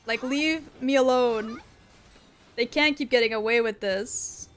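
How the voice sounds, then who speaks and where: High-voiced, excitable woman streamer. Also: a little slow, clean tone, soft background music. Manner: excitable, playful, swears a lot. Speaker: game streamer. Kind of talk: casual gaming commentary.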